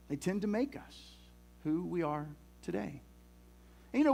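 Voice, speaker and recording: Animated pastor telling stories. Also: male voice, high-pitched. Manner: animated, folksy storytelling with many restarts. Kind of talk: sermon with storytelling.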